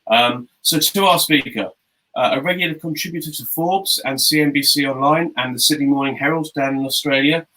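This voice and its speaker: A man hosting an online session, introducing a guest speaker in a relaxed, halting way with many ums and restarts. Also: medium pitch, low-quality recording. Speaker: webinar host. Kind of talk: casual spoken introduction.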